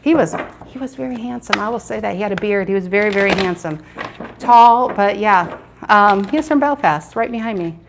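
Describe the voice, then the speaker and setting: A woman's voice: mid-range voice, a little fast, creaky, noisy background. A woman doing a live tarot reading, chatting with viewers and repeating her questions as she turns the cards. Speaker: tarot reader.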